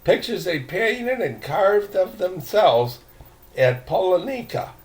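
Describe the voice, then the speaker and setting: A man's voice: high-pitched, big pitch swings, slow, voice pushed up, exaggerated voice. An older man doing a stubborn young explorer. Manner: stubborn, inquisitive.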